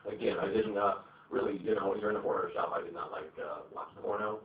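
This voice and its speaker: A stand-up comedian with a fairly low voice talks at a quick pace through a rambling, profane set full of fillers. The live recording from the comedy venue stage sounds echoey, tinny, and distant.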